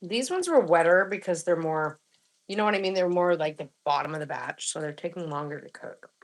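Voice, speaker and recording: A woman's voice: sits low, fairly quick. A woman in her forties hosting a live cooking stream, chatting casually and humming between bites. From Florida. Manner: relaxed, chatty, hums with food between remarks. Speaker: livestream host cooking and eating. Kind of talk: casual live chat while eating.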